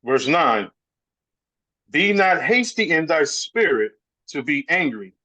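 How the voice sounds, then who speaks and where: Slow, bright-voiced man reading verses. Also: on the high side, big pitch swings. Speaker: scripture reader. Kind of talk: reading Bible verses aloud. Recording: dull lo-fi recording.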